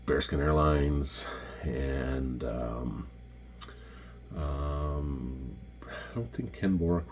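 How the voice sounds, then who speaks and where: A middle-aged Canadian man with a Canadian accent, telling casual stories about his flying days and pausing often with ums and restarts. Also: extremely low pitch, darkish tone, a little hiss or hum. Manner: rambling, many ums and restarts. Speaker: retired pilot showing his patches. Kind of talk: casual storytelling to camera.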